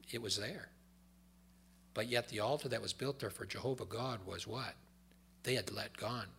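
A man preaching a sermon, reading scripture aloud with loud emphasis and dropping to quiet explanatory asides. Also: medium pitch, vocal fry, breathy edge.

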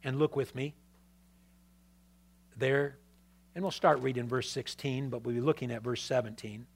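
A man preaching a sermon who reads scripture aloud and asks the congregation questions, with swings between emphatic and quiet delivery. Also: mid-range voice, steady tone, normal speed, creaky. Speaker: pastor.

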